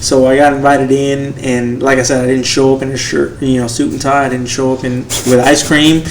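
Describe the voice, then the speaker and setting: Man telling a lively story. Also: medium pitch, brisk, roomy sound, slight background noise, poor audio. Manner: animated storyteller, acts out quotes in other voices. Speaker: podcast co-host, first responder. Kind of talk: casual storytelling.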